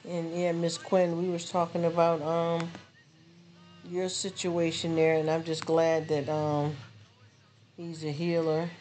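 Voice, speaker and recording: Animated high-voiced man chatting live. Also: slow pace, slight background noise. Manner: animated, blunt street talk, repeats words. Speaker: livestream host. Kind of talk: casual live stream chat.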